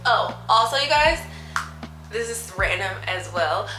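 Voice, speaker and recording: A beauty vlogger in her twenties rambles casually while doing her makeup, using plenty of fillers. Her medium-pitched voice is animated and sharp-toned, a little slow. The room is echoey, with faint music.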